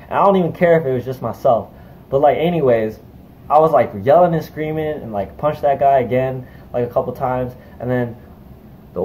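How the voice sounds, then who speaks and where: A man's voice: medium pitch, darkish tone, slight background noise, rough recording. A young man heatedly recounting a fight in a casual vlog, full of profanity and fillers. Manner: heated, profane, rapid retelling with many fillers. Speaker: vlogger. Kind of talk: casual storytelling to camera.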